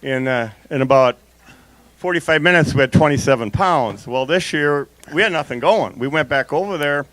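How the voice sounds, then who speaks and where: A man telling a lively story about landing a fish, then praising the emcee. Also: fairly high pitch, normal speed, dry recording. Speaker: tournament angler.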